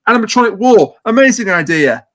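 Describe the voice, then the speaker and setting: Podcast host, man, high voice, casual blunt talk. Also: animated, brisk, fairly bright tone.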